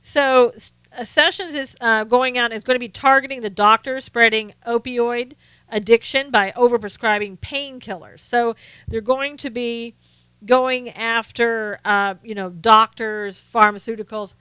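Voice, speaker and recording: A woman's voice: on the high side, steady tone, a little slow, bright, forceful tone, clean tone, no room sound. A woman from the South, hosting a casual live stream, chatting to viewers and often laughing. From American South. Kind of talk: casual political chat reading viewer comments.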